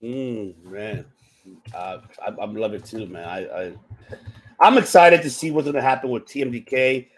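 A man hosting a casual podcast, excitable and swearing freely, calling others bro and man. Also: medium pitch, normal speed. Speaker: podcast host.

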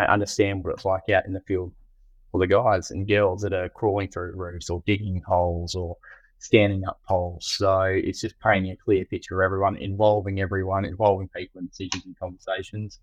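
A deep-voiced Australian man talks loosely about running a trade team and keeps restarting his sentences around fillers. His voice sits low and sounds dry and close, with no room around it. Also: level tone, a little fast, no room sound, highs cut off. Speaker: general manager of a trade business. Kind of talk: casual podcast chat.

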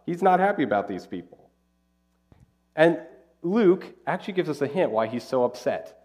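A man preaching a conversational, animated Bible-teaching sermon as pastor. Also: high-pitched, a little fast.

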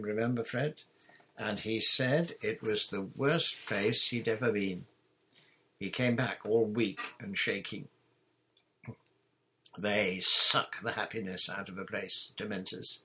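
A man reading aloud, voicing a calm, wry teenage boy who speaks bracingly to a friend. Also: on the low side, slow, breathy edge, heavily acted.

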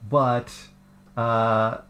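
A man's voice: medium pitch, little pitch movement, extremely slow, fairly bright tone. A man co-hosting a podcast, chatting casually and rambling with lots of fillers and laughter. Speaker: podcast co-host. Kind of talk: casual chat. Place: living in Japan.

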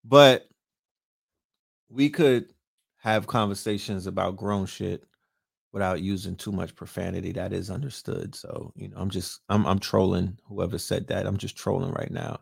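Deep, husky and edged with vocal fry, this livestream host's voice keeps a fairly even intonation at a moderate pace. He's a brash, foul-mouthed man running a late-night stream, trash-talking and peppering viewers with rhetorical questions. It's a dry, clean studio recording.

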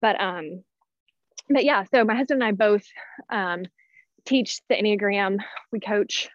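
A woman's voice: medium pitch, measured pace, dry recording. Winded thirtysomething woman rambling on a podcast, muffled dead-dry sound. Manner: chatty, many fillers and restarts. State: out of breath. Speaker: guest, personality-type teacher. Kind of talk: casual podcast conversation.

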